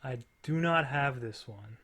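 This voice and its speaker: A man playing along with a trivia show on stream, making casual asides and quick guesses. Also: mid-range voice, fairly bright tone. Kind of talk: casual play-along reaction.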